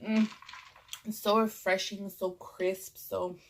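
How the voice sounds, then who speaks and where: A woman's voice: mid-range voice, level tone, takes it slowly, slight background noise. A young woman with a Californian accent, stuffed up from a cold, rambling casually while eating in a vlog. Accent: Californian English. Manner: rambling, chatty, lots of "like" and fillers. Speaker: vlogger.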